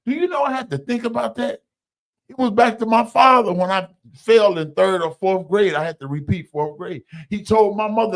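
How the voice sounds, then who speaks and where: In an animated, conversational telling of his own recovery story, a man calls his listeners y'all and voices the people he quotes. He speaks at normal speed with a high-sitting voice.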